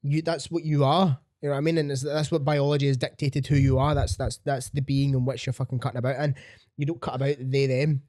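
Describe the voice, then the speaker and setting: Podcast host, sweary and blunt, close dry sound, middle pitch. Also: male voice, little pitch movement, fast talker, a little mellow, dry recording. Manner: blunt, sweary, emphatic ranting. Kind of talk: casual opinionated chat.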